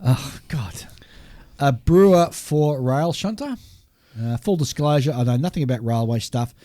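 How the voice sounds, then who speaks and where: A man's voice: a little high, lively intonation, moderate pace, warm tone, no echo. Guy reading out new model kits on a podcast, trips on foreign names, laughs at himself, dry close sound. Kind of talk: casual chat reading a news list.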